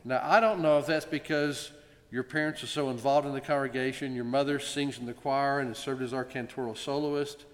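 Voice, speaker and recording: A man speaking as congregation president, giving a ceremonial presentation speech with gentle jokes and frequent pauses, in a synagogue sanctuary. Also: mid-range voice, fairly even intonation. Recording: long reverb in a large sanctuary.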